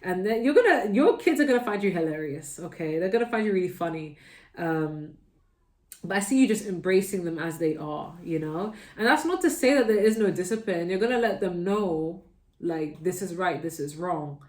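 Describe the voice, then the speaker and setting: Woman tarot reader from the UK, low-pitched, chatty, recorded in a roomy space. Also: animated, moderate pace, darkish tone. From United Kingdom. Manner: chatty, repeats "okay?" often. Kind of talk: casual tarot reading.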